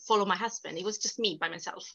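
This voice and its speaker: A woman speaks candidly about her own life, her tone bright and forceful. She shifts between quick bursts and slow, emphatic phrases. The recording sounds dull and lo-fi. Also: mid-range voice, vocal fry. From Sicily, Italy. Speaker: interviewee. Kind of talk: personal storytelling interview.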